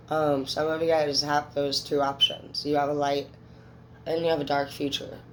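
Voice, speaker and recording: Speaking in a low-pitched voice, this woman in her thirties, a tarot reader, addresses her viewers with candid emotion and plenty of swearing in a casual monologue. The recording is low-quality with slight background noise.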